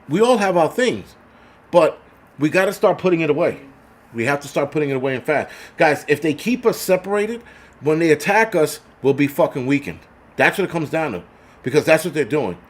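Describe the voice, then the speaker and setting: Speaking at a moderate pace in an expressive, fairly high voice, a man hosts a livestream and thanks viewers for their donations. He's blunt and heavily profane, constantly restarting as he rants.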